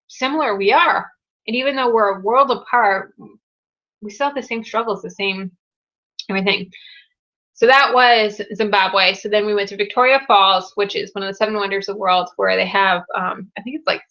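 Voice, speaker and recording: A bright, forceful young woman talks straight into a webcam, gushing and upbeat as she hosts a live Q&A. The sound is dull and lo-fi. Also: mid-range voice. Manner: upbeat, gushing over viewer news. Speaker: live Q&A host. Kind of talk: casual live-stream chat.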